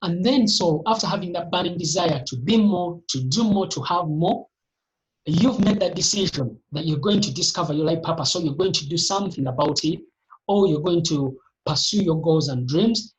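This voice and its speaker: A motivational speaker giving an emphatic, repetitive talk in a live online session, with sudden upward pitch jumps, heard over a video call. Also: moderate pace, low-quality recording.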